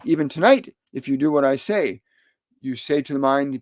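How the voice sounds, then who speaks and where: On a live stream, a middle-aged male medium responds to viewer questions with soothing, calm instructions that he repeats often. He speaks at a moderate pace in a mid-range voice, with no room sound.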